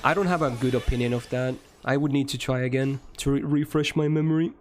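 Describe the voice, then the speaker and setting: A man's voice: medium pitch, fairly even intonation, fast talker. Casual young male game streamer. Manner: chatty, rambling, swears freely. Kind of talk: casual chat answering viewers while playing a game.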